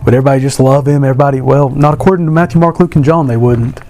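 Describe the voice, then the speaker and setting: A man's voice: medium pitch, steady tone, very fast, mellow, soft background music. A man giving a casual devotional talk to a Bible class, asking many rhetorical questions and adding joking asides.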